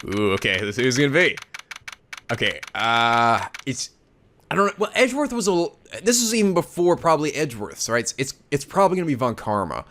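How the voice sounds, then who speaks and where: A man in his twenties hosting a let's play, hyper and excitable, laughing and swearing as he talks. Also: medium pitch, brisk. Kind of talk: excitable gameplay commentary. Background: game music.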